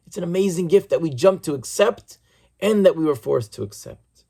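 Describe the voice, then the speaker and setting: High-voiced rabbi preaching. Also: male voice, lively intonation, creaky, warm tone, breathy edge. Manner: earnest storytelling, measured and reflective. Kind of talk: sermon.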